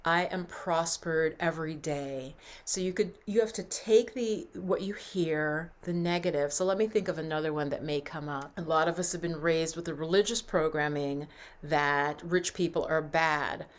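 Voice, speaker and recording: A woman mindset coach talking earnestly to her viewers, guiding breathing and affirmations in a slow, soft voice. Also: low voice. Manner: earnest, encouraging, slows and softens for breathing exercises. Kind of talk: coaching talk with guided affirmations.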